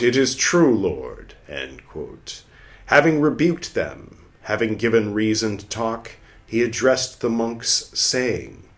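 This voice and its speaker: A man hosting a podcast, reading an old religious text aloud and stopping to comment in a casual, musing way. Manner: reads quotes slowly and loudly, comments in a lower conversational voice; muttering asides to himself. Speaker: podcast host reading scripture.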